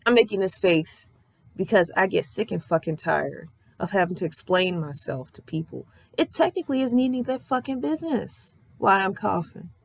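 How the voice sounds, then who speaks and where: Animated, swearing young woman vlogger. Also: mid-range voice, moderate pace, gravelly, no echo. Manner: animated, profane, exasperated ranting. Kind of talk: casual storytelling vlog.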